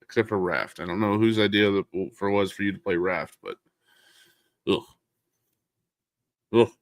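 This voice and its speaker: A man's voice: lowish voice, moderate pace, no room sound, clean studio sound. A man hosting a casual podcast. He jokes around, laughs often and swears freely. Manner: loud bursts and laughter inside relaxed talk. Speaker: podcast host.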